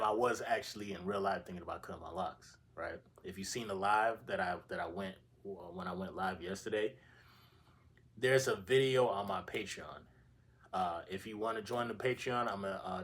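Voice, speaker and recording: A young man telling a dream story on his own channel in a loose, casual style. His voice sits a little low, and he rambles in slang with plenty of swearing. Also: normal speed, fairly bright tone. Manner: slangy, profane, rambling retelling. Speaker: channel host.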